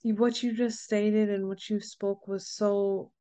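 Smooth-voiced woman hosting an interview. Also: mid-range voice, flat delivery. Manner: warm-hearted, effusive, halting. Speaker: interview host. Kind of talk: interview conversation.

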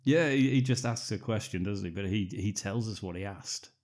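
A man co-hosting a casual film-review podcast, mocking the film with sarcastic, deadpan asides. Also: fairly low pitch, moderate pace. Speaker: podcast co-host.

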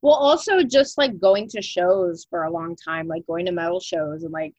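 A woman's voice: on the low side, normal speed, darkish tone, no room sound, lo-fi sound. A young woman co-hosting a podcast in casual chat, talking loosely with lots of "like" fillers and casual swearing. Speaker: podcast co-host.

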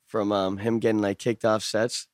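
A man's voice: fairly low pitch, little pitch movement, normal speed, no echo. A man chatting casually with friends, swearing a lot and acting out quotes. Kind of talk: casual podcast chat.

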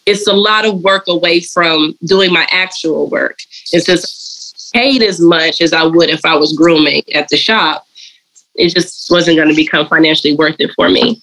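A woman, a dog groomer and colorist, telling her story in a casual interview and slipping into lively voices when she quotes people. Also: fairly low pitch, moderate pace, low-quality recording. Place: lives and works in Atlanta.

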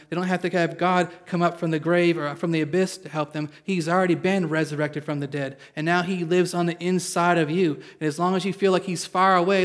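A preaching man with a slightly high voice delivers an earnest sermon to a church congregation. He reads scripture aloud, explains it in everyday words, and keeps asking his listeners for an amen. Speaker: pastor.

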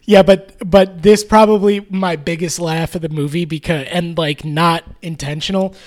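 A man co-hosting a casual movie review chat, animated, laughing often and swearing freely. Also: fairly high pitch, normal speed. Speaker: podcast co-host.

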